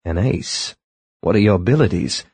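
A man voicing a stern, formal older gentleman in an audiobook, protective and stiff. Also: low voice, animated, normal speed, husky, no room sound, exaggerated voice.

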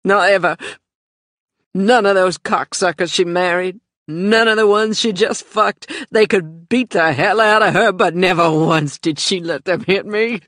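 A woman's voice: on the low side, measured pace, fairly bright tone, dry recording, studio quality, pitched above the performer's own voice. A narrator voicing a grieving young woman whose voice hitches with tears. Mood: tearful anger. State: crying.

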